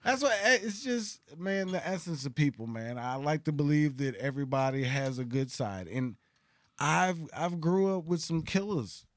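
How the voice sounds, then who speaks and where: A man's voice: a little high, animated, normal speed, dry recording. Profane storytelling man, dry close sound. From Dallas, Texas. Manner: storytelling, profane, laughs often, playful voice impressions. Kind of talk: casual chat.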